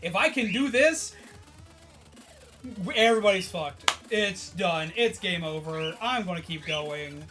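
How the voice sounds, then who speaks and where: A man streaming to his viewers in casual chat, excitable and tired, swearing and laughing often as he rambles. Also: sits high, a little slow, over music.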